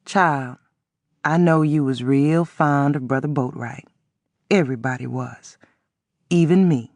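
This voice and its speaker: A frail old man wheezes out his words in a low, weak voice, as a man reads him in an audiobook. He talks bluntly and plainly, in a folksy, drawn-out way. The sound is close and dry. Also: darkish tone, no room sound, close to an everyday voice.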